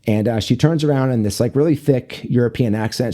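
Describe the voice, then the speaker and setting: A fatherhood coach and author appears as a guest on an interview podcast about fatherhood, speaking casually in a dark, medium-pitched voice. He talks briskly with few pauses, rambling with lots of fillers and restarts.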